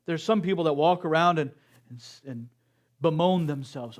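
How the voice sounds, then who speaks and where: A middle-aged man giving a slow, earnest sermon at a spiritual service, sometimes acting out quotes. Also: on the high side. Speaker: speaker at a spiritual center service.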